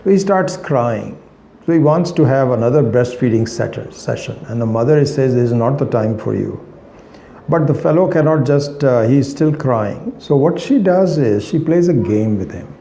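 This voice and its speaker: A man giving a spiritual lecture, rambling and hesitant, weaving in anecdotes with many pauses and fillers. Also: medium pitch, animated, warm tone, reverberant, slight background noise. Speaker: spiritual teacher.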